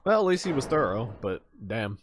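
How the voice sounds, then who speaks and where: A man streaming a game and chatting casually, excitable, swearing freely and laughing a lot. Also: medium pitch, moderate pace, slight background noise. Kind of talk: casual let's-play chat.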